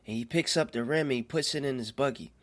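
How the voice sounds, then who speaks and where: A man telling a personal faith testimony in an earnest, halting way, often repeating phrases as he goes. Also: mid-range voice, fairly bright tone. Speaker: storyteller.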